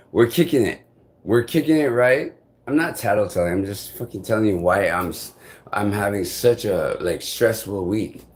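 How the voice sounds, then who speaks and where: Speaking straight to the camera, a vlogger with a fairly low, darkish voice tells a rambling story laced with cursing and a constant note of frustration. It comes across as casual vlog talk, with a slight hiss or hum.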